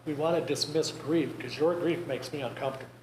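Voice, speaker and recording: A man talks to a group in a conversational, wry way, dropping in jokes. His voice sits a little high. The room is echoey, with a faint hiss underneath. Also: fairly even intonation, a little fast, a little mellow. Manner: wry, conversational, joking asides. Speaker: grief presenter. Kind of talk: talk to a group. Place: church meeting room.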